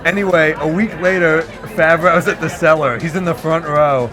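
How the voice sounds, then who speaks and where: A man, a stand-up comedian telling a long, self-deprecating story in an animated way. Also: on the high side, moderate pace, over music, a crowd in the background.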